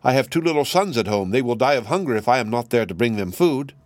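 Anxious storybook wild duck voiced by a man, high begging tone, dry read. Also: lively intonation, fast, dry recording, close to an everyday voice. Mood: pleading. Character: pleading wild duck, anxious parent bird.

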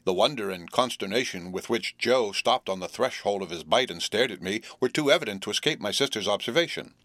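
A man narrates a classic novel in a measured, expressive reading. His voice is low and the recording is dry, with no room sound. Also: dry recording. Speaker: audiobook narrator.

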